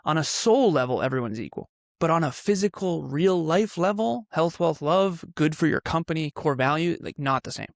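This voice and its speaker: A man's voice: a little high, animated, normal speed, creaky, no room sound, clean studio sound. A man speaking as a guest on a podcast, emphatic and intense, pressing his points with rising force and the odd laugh. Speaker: podcast guest, company CEO. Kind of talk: passionate podcast conversation.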